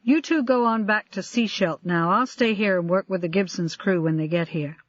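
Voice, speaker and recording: A man's voice: high-pitched, moderate pace, a bit bright, no echo. A narrator reading the lines of a blunt male police sergeant who takes charge in a firm, matter-of-fact way, on a dull, dry recording. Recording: dry, slightly dull lo-fi audio.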